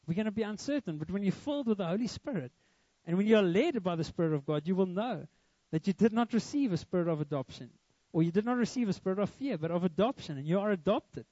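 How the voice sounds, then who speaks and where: High-voiced earnest preaching man. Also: lively intonation, fast talker, mellow, no echo, lo-fi sound. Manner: earnest, emphatic preaching with repetition. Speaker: pastor. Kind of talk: sermon.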